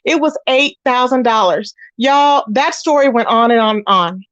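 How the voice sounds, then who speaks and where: A woman's voice: a little high, moderate pace, no echo, muffled recording. A woman, hosting a casual gossip commentary and talking straight to her viewers, acting out the people she quotes. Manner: animated storytelling, acts out quoted voices, talks straight to viewers. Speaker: commentary channel host.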